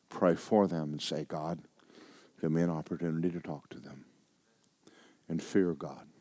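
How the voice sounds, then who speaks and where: Older preacher man, folksy, goes from loud preaching to quiet joking, dry close sound. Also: sits low, no room sound. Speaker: pastor. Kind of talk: sermon. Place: church sanctuary.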